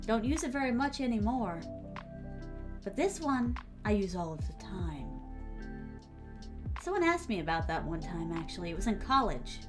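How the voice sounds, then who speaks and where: A woman's voice: medium pitch, big pitch swings, moderate pace, long pauses, over music. A young woman streamer chatting casually with her viewers while she writes. She speaks with theatrical, refined diction and calls her audience "my starlings". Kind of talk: casual live-stream chat while writing.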